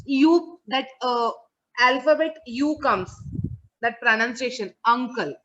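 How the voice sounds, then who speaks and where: Through muffled video-call audio, a woman teaching English online takes things slowly in a high, slightly bright voice. She patiently repeats words and makes sure her students keep up.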